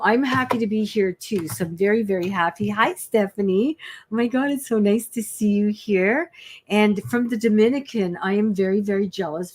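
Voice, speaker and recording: Effusive chatty woman greeting viewers. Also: mid-range voice. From Canada. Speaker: psychic medium hosting a livestream. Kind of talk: casual livestream chat greeting viewers.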